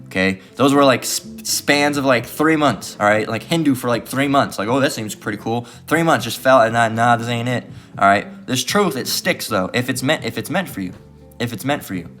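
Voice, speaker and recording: With a mid-range, expressive voice that's a bit bright, a man delivers street-style religious teaching at a moderate pace. He reads scripture and preaches heatedly and profanely, mocks how his opponents sound, and tags nearly every phrase with "all right." Faint music sits behind him.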